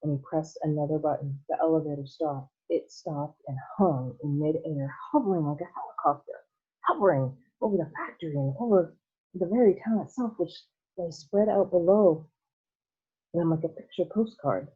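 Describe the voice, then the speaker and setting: Husky teacher reading a story aloud. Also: female voice, sits low, moderate pace. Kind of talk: reading a children's novel aloud. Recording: tinny phone-like sound.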